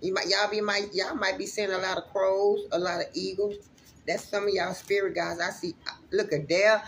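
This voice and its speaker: A woman's voice: medium pitch, level tone, normal speed, gravelly, fairly bright tone. A woman giving a casual spiritual reading to her viewers, chatty and emotional, swearing freely and speaking to them directly. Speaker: spiritual reader.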